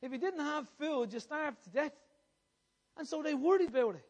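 A male preacher with a strikingly high voice delivers an impassioned sermon at normal speed, animated throughout. He circles back over his phrases and puts questions to his listeners as he presses his point.

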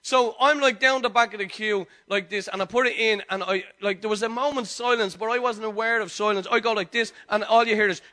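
A man, a pastor preaching a sermon and telling personal stories in a lively, chatty way. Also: high voice, a little fast, few pauses. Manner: lively storytelling, chatty and conversational.

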